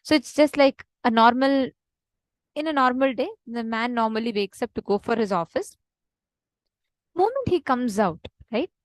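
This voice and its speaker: A woman's voice: fairly high pitch, expressive, no echo. Earnest woman teaching over a call. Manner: storytelling, earnest, slows for emphasis. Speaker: meditation teacher. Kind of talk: online spiritual teaching talk. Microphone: online video call.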